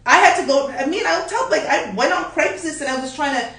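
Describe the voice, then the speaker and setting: A blunt, animated woman co-hosts a frank talk show with her partner, her voice pitched a little high. She sits back from the mic in an echoey room. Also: a little fast, far from the mic. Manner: blunt, animated, laughs often. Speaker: podcast co-host. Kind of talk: candid couple's chat.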